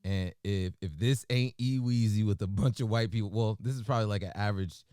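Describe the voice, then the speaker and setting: A man co-hosting a morning radio show, bantering and joking with an animated, emphatic delivery in a studio. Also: fairly low pitch, brisk, heavy background noise.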